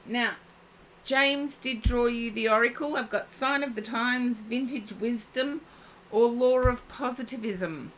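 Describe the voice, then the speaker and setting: Slow-talking, high-voiced woman card reader. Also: fairly bright tone, a little hiss or hum. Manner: chatty, thinking aloud while reading. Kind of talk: live-streamed oracle card reading.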